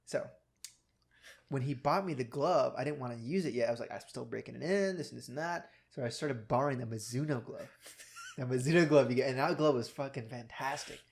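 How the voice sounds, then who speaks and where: A young man co-hosting a podcast, telling stories in a casual, profane and animated way. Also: medium pitch, fairly quick, gravelly. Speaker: podcast co-host. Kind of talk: casual chat.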